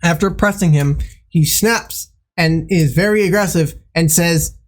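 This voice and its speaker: Excitable gaming host. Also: medium pitch, normal speed. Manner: excitable, joking. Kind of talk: casual gaming commentary.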